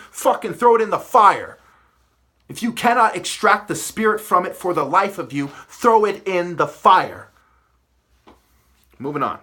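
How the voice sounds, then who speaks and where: A man delivers a profane, preachy spiritual rant. His voice sits a little high and has a sharp, forceful edge. He drops into low mutters and then climbs back into yelling. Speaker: channel host.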